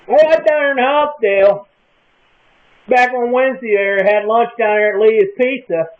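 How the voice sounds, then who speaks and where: A man with a high, thin voice rambles through a casual monologue in a folksy, unhurried small-town manner. The sound is tinny and narrow, as if heard over a phone line. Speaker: comic vlogger in character.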